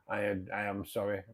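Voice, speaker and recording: Chatty man hosting a live chat. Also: fairly low pitch. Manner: chatty, friendly greetings, trails off quietly. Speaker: livestream host. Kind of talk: casual live chat reading viewer comments.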